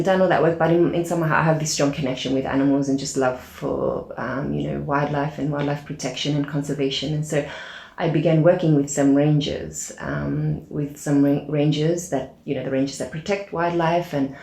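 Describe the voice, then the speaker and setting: Low-voiced woman telling a story in a roomy space. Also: vocal fry. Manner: animated storyteller, acts out quoted dialogue, many fillers. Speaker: podcast guest, aid organization founder. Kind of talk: casual storytelling interview. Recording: roomy echo.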